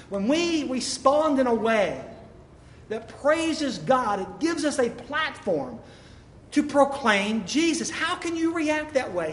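A man's voice: very high-pitched, a little hiss or hum. A man preaching a sermon as a pastor, emphatic and full of rhetorical questions, speaking in a church sanctuary. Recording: echoey hall, faint room ambience.

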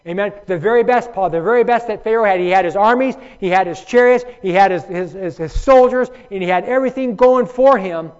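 A man's voice: high-pitched, brisk, hardly any pauses, a little mellow. A man teaching a Bible study, reading scripture aloud and speaking emphatically to his listeners by name. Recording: dull lo-fi recording.

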